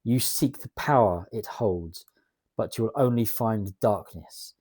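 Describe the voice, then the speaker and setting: A man reading out the slow, menacing lines of a grim male wrestler character from a management game, in a low, quiet voice. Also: slightly rough. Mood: ominous.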